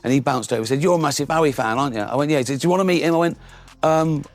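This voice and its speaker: A man's voice: mid-range voice, very fast, gravelly, faint music behind. Cheeky man telling stories. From England. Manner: cheeky, laughing storyteller with many restarts. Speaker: comedian guest. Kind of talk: talk show chat and anecdote.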